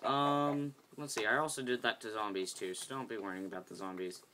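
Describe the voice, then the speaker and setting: A woman's voice: a bass voice, fairly even intonation, fairly quick, noisy background. A woman hosting a casual, rambling game tutorial, chatting and getting sidetracked as she builds. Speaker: video game tutorial host.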